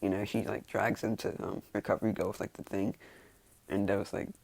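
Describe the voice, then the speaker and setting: A man's voice: fairly low pitch, little pitch movement, brisk, creaky, darkish tone, no echo. A young man casually retelling a fan-made story, rambling and self-mocking, with lots of "like" and restarts.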